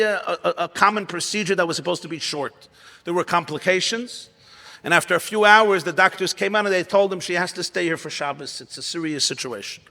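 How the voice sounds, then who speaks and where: A man, a rabbi, telling a story at a gathering animated, dramatic delivery and sudden drops to hushed lines. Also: high voice. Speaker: rabbi giving a talk. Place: large ballroom. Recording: long hall reverb.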